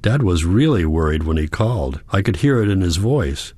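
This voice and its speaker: A man's voice: deep voice, expressive, moderate pace, warm tone, slightly rough, dry recording, clean studio sound. A man voicing an anxious young granddaughter. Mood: worried, earnest. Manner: earnest, pleading. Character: worried young woman, caring granddaughter.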